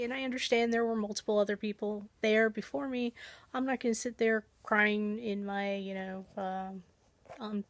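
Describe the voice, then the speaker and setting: A woman's voice: medium pitch, fairly bright tone, no room sound. A woman vlogger casually telling a long everyday story, chatty and self-deprecating, acting out her own thoughts as she goes.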